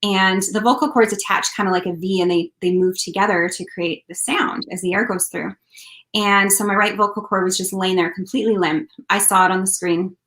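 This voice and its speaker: A woman's voice: medium pitch, steady tone, brisk, fairly bright tone. A woman, a country singer, telling her story earnestly in a casual interview, with lots of fillers. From Canada. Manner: earnest, heartfelt, many fillers.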